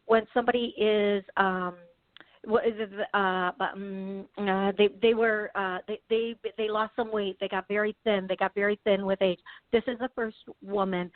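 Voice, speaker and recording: A woman from the Midwest hosting a call-in radio show as a psychic medium, chatty and quick, with many restarts and laughs. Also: medium pitch, fairly even intonation, dry recording, phone-quality sound.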